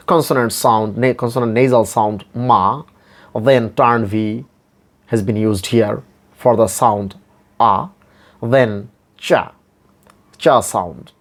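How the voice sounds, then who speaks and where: A man teaching pronunciation, repeating each word slowly and spelling it out letter by letter. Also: mid-range voice. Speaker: English phonetics teacher. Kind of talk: slow pronunciation lesson.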